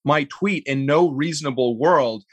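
A man speaking as a guest in a casual interview, measured and wry, with many ums and uhs. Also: fairly high pitch, dry recording. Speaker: interview guest, law school lecturer.

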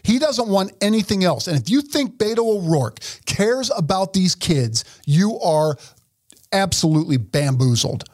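A man's voice: high-pitched, very animated, measured pace, a little mellow, no room sound. A man co-hosts a casual talk show from an office, blunt and profane. He tells stories with animation. The sound is dry and close. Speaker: podcast co-host. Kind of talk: casual opinionated chat. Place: office studio.

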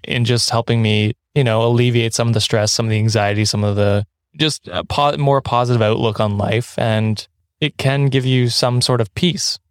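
A male podcast host in loose, chatty conversation. His voice sits at an ordinary middle pitch and sounds close and dry, with no room around it. He drifts into tangents, restarts his sentences and laughs easily. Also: steady tone, normal speed, clean tone, no echo. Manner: rambling, self-correcting, laughs often. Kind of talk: casual podcast chat.

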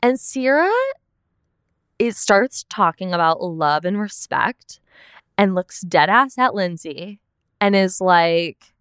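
A woman's voice: mid-range voice, animated, slow pace, a bit bright, clear, resonant tone, dry recording, studio quality. A young woman hosting a podcast, recapping a reality show in casual chat, full of "like" and the odd swear word. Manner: chatty, peppered with "like", swearing. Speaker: podcast host.

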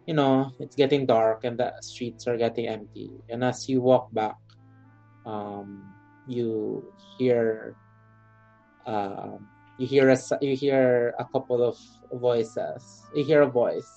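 A man's voice: medium pitch, steady tone, slow, creaky, dark tone. A man narrating as game master of a tabletop game, hesitant with frequent ums. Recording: dull lo-fi sound with faint music.

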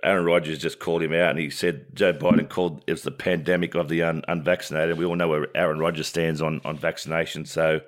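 A middle-aged Australian man and former cricketer, co-hosting a casual sports chat in a relaxed, filler-heavy storytelling way. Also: a bass voice, quick pace, hardly any pauses.

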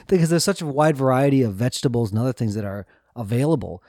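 A man co-hosting a podcast, talking in a reflective, easygoing way and laughing often. His pitch is middling. The recording is dry and close, with no room sound. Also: fast, mellow, no room sound. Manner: reflective, asks questions, laughs easily. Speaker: podcast co-host. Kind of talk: casual chat.

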